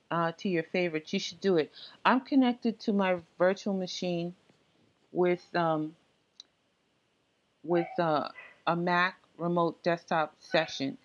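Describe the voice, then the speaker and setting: Casual low-voiced woman walking through a tech tutorial. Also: steady tone, unhurried, lo-fi sound. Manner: casual and instructive, with frequent ums and uhs. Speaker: software tutorial presenter.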